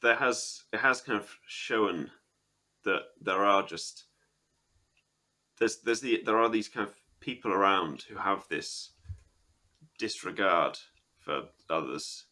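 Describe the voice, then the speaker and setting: Low-voiced man with a sharp tone, halting conversational delivery. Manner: hesitant, halting, many restarts. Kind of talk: casual interview conversation.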